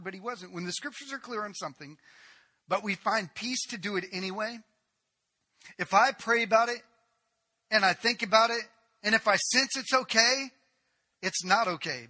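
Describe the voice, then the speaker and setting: A man preaching a sermon, telling a story with animated storytelling and acting out the quotes as he goes. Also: high-pitched, moderate pace. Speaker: pastor.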